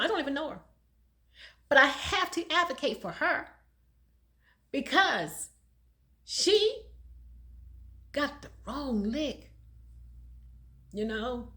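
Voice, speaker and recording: A woman's voice: a little high, fairly bright tone. A woman in her sixties, a domestic violence advocate speaking casually to the camera, emphatic and preachy and laughing often between her points.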